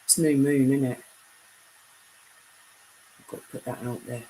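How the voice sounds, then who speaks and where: A young British woman chatting casually on a live stream, reading out viewer comments; her voice is deep enough to be mistaken for a man's. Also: steady tone, measured pace, warm tone, slight background noise, low-quality recording. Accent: British English. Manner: chatty, reads comments aloud.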